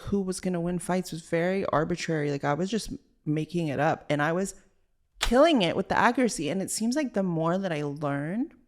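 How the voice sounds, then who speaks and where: Young woman, podcast host, lower voice, vocal fry, chatty valley-girl filler talk. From Los Angeles, Southern California. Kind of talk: casual solo podcast chat.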